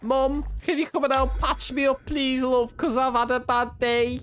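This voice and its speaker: A man's voice: very high voice, flat delivery, normal speed, a bit bright, clean tone, faint music behind, voice pushed up. A man putting on a comic Scouse lad voice, whining to his mum about being stabbed. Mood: whiny comic. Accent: Scouse put-on.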